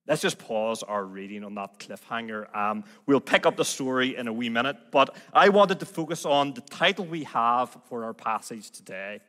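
A man with a Northern Irish Belfast accent preaches a sermon, his bright, clear voice carrying through a large church hall. He reads scripture with gentle, self-deprecating ease, and the long reverb trails every phrase. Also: mid-range voice, expressive, normal speed, few pauses. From Northern Ireland. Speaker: guest preacher.

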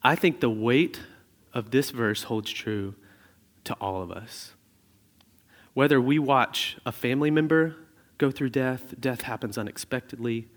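A man in his thirties preaching from the pulpit in an easy, conversational way, slipping into lively storytelling asides. His voice sits at an ordinary pitch and rings out with a long reverb, as if from a large church hall. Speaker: pastor. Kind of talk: sermon.

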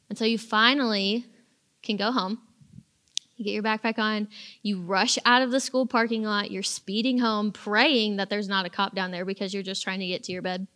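A young adult woman giving a casual storytelling talk to teens, animated and acting out little quoted lines as she goes. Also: medium pitch, moderate pace. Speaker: speaker addressing teens.

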